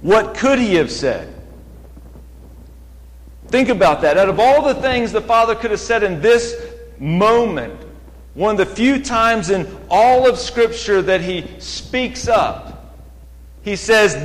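A man preaching in a church sanctuary, speaking slowly and deliberately with a slightly raised voice. He lingers over scripture quotes and climbs higher as he presses a point. The sound carries a long hall reverb. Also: expressive. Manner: measured, slows down for scripture quotes, builds in pitch when emphatic. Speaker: guest preacher. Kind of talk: sermon.

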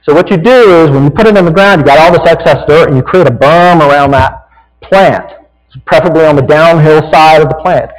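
A pastor with a Southern American accent preaches a folksy, conversational sermon, often tagging his points with "right?". His voice sits somewhat high for a man, and it rings with the long reverb of a large sanctuary. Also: brisk.

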